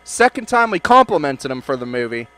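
A man doing let's play commentary, loud and joking, swearing and talking back to game characters. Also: a little high, big pitch swings, brisk. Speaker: gaming video creator.

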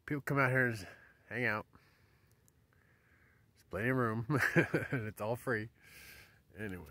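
A man's voice: medium pitch, a little slow, long pauses, pushed and bright. A man rambling casually to his vlog camera outdoors in the desert, often drifting into a whisper. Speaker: vlogger.

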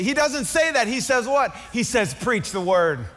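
A man preaching a sermon as pastor, swinging from loud, fervent climaxes to quiet, conversational asides. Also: very high-pitched, sing-song, moderate pace, few pauses. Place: large church hall. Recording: long hall reverb.

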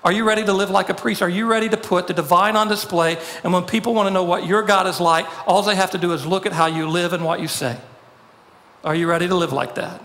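A male pastor preaching with a high, gravelly voice. He drives his message through repeated rhetorical questions. The sound carries the long reverb of a large hall. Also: steady tone, fast talker, a bit bright. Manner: rhetorical questions, builds to emphatic quoted lines. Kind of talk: sermon.

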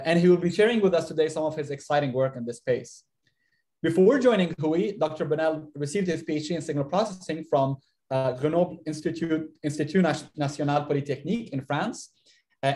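A man's voice: on the high side, mellow. A man hosting a seminar and introducing the speaker, reading with occasional stumbles over a video call. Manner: reads introduction with fillers and stumbles. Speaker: seminar host.

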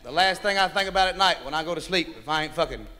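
A stand-up comedian telling a raunchy, profane joke and laughing along with it. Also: male voice, fairly high pitch, fast talker, sharp tone. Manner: raunchy, profane, laughing at his own jokes.

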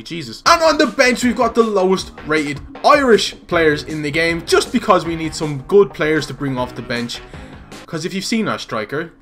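A young man with a high, bouncy voice that leaps all over the place, hyping up and joking through his football game commentary. He swings from loud yelps down to low mutters, with faint game music under him. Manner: excitable, jokey, swings from shouting to muttering. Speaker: gaming YouTuber. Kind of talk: excited gameplay commentary.

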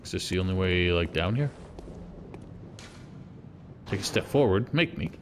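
A man streaming a video game, cursing and yelling at the enemies with frustration. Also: low voice, expressive, normal speed, a little hiss or hum. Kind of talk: live game commentary.

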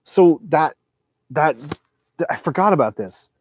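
A man's voice: a little high, lively intonation, takes it slowly, a little hiss or hum. Profane, rambling middle-aged man. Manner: profane, digressive, loose with filler words. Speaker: record collector showing his records. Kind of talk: casual rambling monologue.

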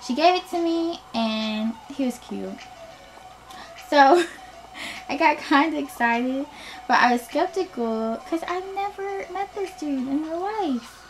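Slow-talking sassy young woman vlogger. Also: high-pitched. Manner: animated storytelling, sassy, laughs often. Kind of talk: storytime vlog. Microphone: laptop webcam.

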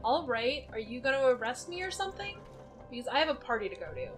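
A gloomy young cat who mocks herself and grumbles about everything, as a woman reads her out. Her voice sits high and bright. Soft game music plays faintly behind. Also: big pitch swings, fast, low-quality recording. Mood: defensive. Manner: self-deprecating, mutters inner doubts. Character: moody young adult female cat, awkward and sarcastic. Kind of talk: reading game dialogue aloud.

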